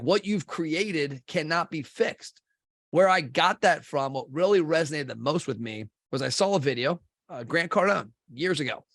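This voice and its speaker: Man, middle-aged, from kentucky, blunt and intense, higher-pitched voice, dry close sound. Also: a bit bright, no echo. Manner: blunt and intense, swears casually. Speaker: podcast guest, restaurant marketing CEO. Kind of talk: blunt conversational interview.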